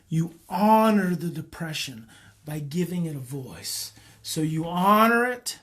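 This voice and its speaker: A man, a parenting educator, leading a guided emotional exercise in a slow, repetitive coaching cadence. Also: on the high side, lively intonation, fairly bright tone.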